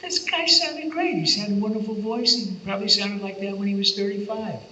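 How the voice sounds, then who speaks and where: A man's voice: high-pitched, a little fast, bright, forceful tone, a little hiss or hum. An older man, a voice actor on a convention panel, telling playful anecdotes. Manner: playful storyteller, slips into character voices. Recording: echoey hall from far off, dull sound.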